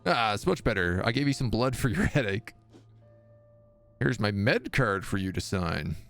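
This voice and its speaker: Gravelly, lively-voiced gaming streamer. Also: male voice, fairly low pitch, moderate pace, soft background music. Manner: reads on-screen game text aloud, jokey asides. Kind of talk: let's-play commentary.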